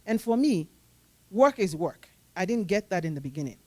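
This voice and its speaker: A woman team leader on a panel, giving practical career advice in a steady, matter-of-fact, instructive way. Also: fairly low pitch, moderate pace, no echo.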